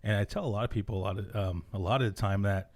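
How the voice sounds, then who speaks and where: A man's voice: on the low side, fairly even intonation, very fast, a little mellow. A man hosting a casual podcast chat, upbeat and slangy, laughing often. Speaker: podcast host.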